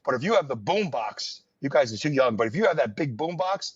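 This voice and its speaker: A man's voice: medium pitch, big pitch swings, fairly quick, slightly rough, dry recording. A man, hosting a podcast and telling rambling, wry stories in casual chat. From New York area, US. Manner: rambling, wry storyteller with many fillers. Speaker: podcast host. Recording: dull lo-fi dry sound.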